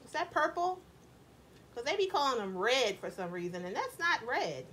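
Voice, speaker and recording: High bright-voiced woman chatting while she cooks in her kitchen, keeps asking y'all stuff. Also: sing-song, moderate pace, a little hiss or hum. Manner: chatty, asks viewers questions, says y'all. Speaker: cooking vlogger. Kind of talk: casual cooking chat to viewers. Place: home kitchen.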